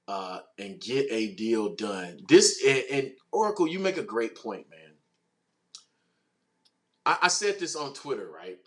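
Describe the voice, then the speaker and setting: A man hosting a casual sports livestream, talking in an animated, slangy way and answering chat comments. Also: medium pitch. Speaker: host.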